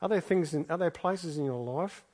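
A man delivering a sermon in an earnest, reflective way. He reads a passage aloud and then talks it through, circling back to repeat key phrases. His voice sits slightly higher than most men's. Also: normal speed, darkish tone. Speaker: pastor. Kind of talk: sermon with scripture reading.

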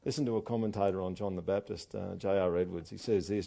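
An Australian man preaching a sermon, animated and joking, with loud asides and quiet readings. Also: deep voice, fast talker, vocal fry, hardly any pauses. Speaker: pastor.

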